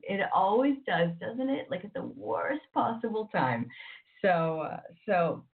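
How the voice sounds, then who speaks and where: A woman's voice: medium pitch, big pitch swings, a little slow, creaky. A woman hosting a radio show, talking casually and rambling with lots of fillers and restarts. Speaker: radio host. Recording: tinny phone-like sound.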